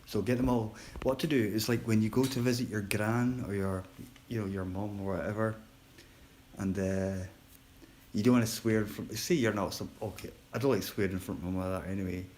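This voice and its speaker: Deep-voiced man chatting quietly. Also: fairly even intonation, brisk, a little hiss or hum, low-quality recording. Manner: rambling, chatty, self-deprecating; talking quietly. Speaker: livestreamer on a work break. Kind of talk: casual live-stream chat to viewers.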